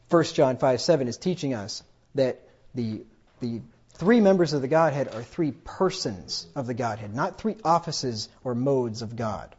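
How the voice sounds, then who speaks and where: A man preaching a sermon, who gets emphatic and loud when he quotes scripture. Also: medium pitch, husky. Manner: emphatic, rises loudly when quoting scripture. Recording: dull lo-fi recording.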